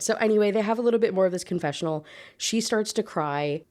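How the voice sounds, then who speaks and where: A woman's voice: medium pitch, expressive, brisk. A woman and book reviewer giving a casual, chatty and sarcastic recap of a novel, full of filler words.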